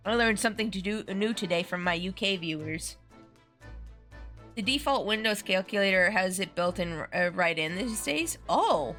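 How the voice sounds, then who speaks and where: A woman's voice: mid-range voice, bright, forceful tone. A woman streaming a game, chatting casually and giggling between asides. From United States. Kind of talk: casual let's-play commentary. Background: faint game music.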